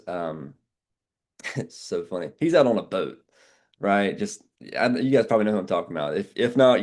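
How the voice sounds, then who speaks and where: A man leading an insurance sales team training, talking in a brash, animated way and swearing casually. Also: deep voice.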